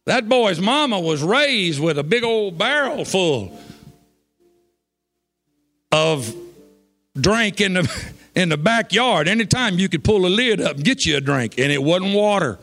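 Preacher guy, high bright voice, folksy storytelling, soft music in church. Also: big pitch swings, measured pace, pauses often. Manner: folksy, rising to shouts of praise. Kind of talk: sermon storytelling.

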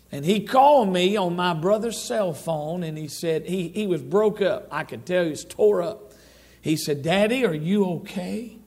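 A man's voice: high voice, darkish tone. A middle-aged man preaching a sermon in a church, folksy and rambling, with lots of restarts and asides to the congregation. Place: church sanctuary.

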